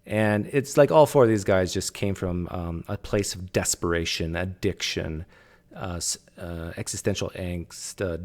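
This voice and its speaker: Man, low-ish voice, casual video commentator, halting and reflective. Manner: thinking aloud, with many fillers and restarts.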